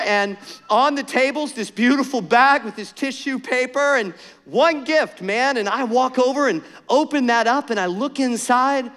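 A man preaching a sermon with passion, moving between strong declarations and hushed, soft passages. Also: high-pitched, long reverb tail. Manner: impassioned, swings to soft and hushed. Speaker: pastor.

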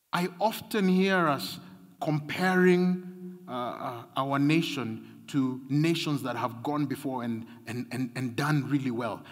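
Guy preaching, slow and breathy, lots of build-up and repeats, echoey church. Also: on the high side. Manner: emphatic, repeating phrases with rising and falling intensity. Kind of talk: sermon. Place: large church hall. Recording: long hall reverb.

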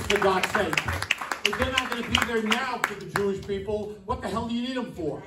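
A man's voice: high voice, brisk, recorded from a distance, a loud crowd, very noisy. A man giving an indignant political speech at a club meeting, full of rhetorical questions. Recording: echoey room, voice off-mic.

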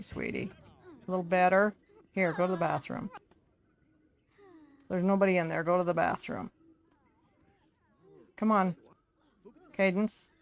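Chatty woman narrating her game, lowish voice. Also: gravelly. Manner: chatty, talks to her game characters like a fussing parent. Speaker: gaming video creator. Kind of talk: casual gameplay commentary.

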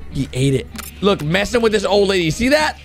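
A young man with a high, very lively voice reacts to cartoons as the host, swinging from chatty commentary to sudden shouts. Faint music plays underneath. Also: a little fast. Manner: excitable, shouts and gasps at surprises, talks to viewers.

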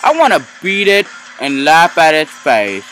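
A man's voice: fairly high pitch, sing-song, unhurried, a bit bright, faint music behind, rough recording. A man commenting casually on a game he is playing, ranting in frustration and exaggerating his complaints. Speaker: gamer.

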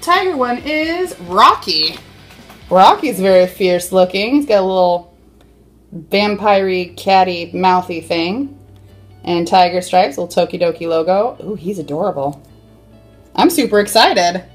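A woman's voice: lowish voice, lively intonation, unhurried, soft background music. A woman hosting a toy unboxing, chatting casually in a playful way and tossing in silly sound effects.

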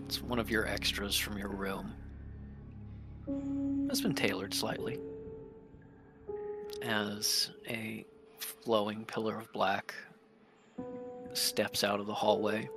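Man, game master, hushed measured narration, slow pace, music behind. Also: lowish voice.

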